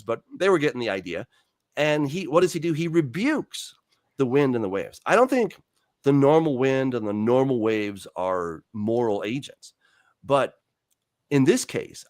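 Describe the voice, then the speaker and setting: A man's voice: on the low side, no echo, clean studio sound. A man, a Bible teacher and author, explaining scripture in conversation. He tells the stories with animation, acts out dialogue, and often restarts with fillers. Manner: animated storyteller who acts out quoted dialogue.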